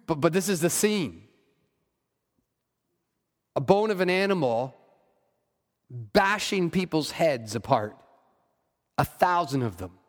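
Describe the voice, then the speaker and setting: A man's voice: on the high side, lively intonation, slow, pauses often, big-room sound. A man preaching a sermon, reading scripture aloud and breaking off for wry asides. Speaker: pastor.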